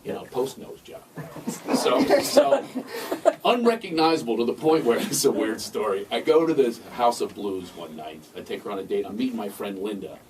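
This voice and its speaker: A man from Philadelphia, a comedian guest on a radio show, telling comic stories in a lively way and mimicking other people as he goes. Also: on the low side, normal speed. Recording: distant mic with steady noise.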